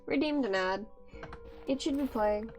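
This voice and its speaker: A woman streaming a game and chatting with her viewers, speaking softly and rambling. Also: on the high side, unhurried, faint music behind. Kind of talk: casual live-stream chat.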